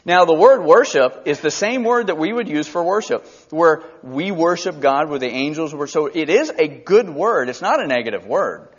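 A man's voice: on the high side, lively intonation, moderate pace, few pauses, husky. Conversational preacher man, lo-fi sound. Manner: conversational, acts out characters' lines in asides. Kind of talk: expository Bible teaching.

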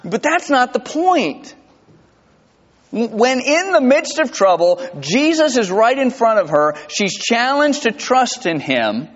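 A man preaching a sermon in a church, conversational and animated, with asides and chuckles. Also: extremely high pitch, slow pace, big-room sound, lo-fi sound. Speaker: pastor. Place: church sanctuary.

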